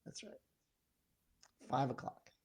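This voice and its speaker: A man in his thirties co-hosting a podcast in casual chat, telling a story in a lively way and acting out the lines of the people in it. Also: slow. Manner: animated storyteller acting out quoted exchanges. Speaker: podcast co-host.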